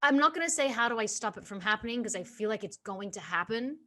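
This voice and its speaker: A woman's voice: a little high, animated, fast talker, sharp tone. A woman hosting a podcast, chatting candidly and leaning heavily on "like" as she talks. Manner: chatty, candid, filler-heavy with "like". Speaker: podcast host. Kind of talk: casual podcast chat.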